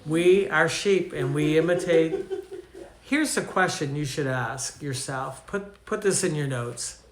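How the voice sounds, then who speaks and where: A man's voice: fairly high pitch, expressive, slow, reverberant, a little hiss or hum. An older man from Canada preaching a teaching sermon, telling anecdotes in a conversational way and asking his listeners questions. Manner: storytelling, conversational, asks the audience questions.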